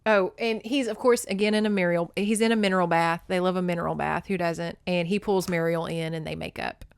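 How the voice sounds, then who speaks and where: A woman's voice: lowish voice, steady tone, fairly quick, gravelly, clean tone, dry recording, clean studio sound. Gushing woman recapping a novel. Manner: gushing and emotional, talks to listeners as y'all. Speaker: podcast host. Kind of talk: casual book recap.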